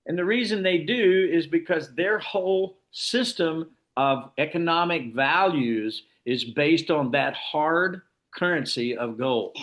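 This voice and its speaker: A man's voice: fairly high pitch, slow, few pauses, highs cut off. A man leading an informal scripture class, explaining at length with frequent restarts. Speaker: class leader.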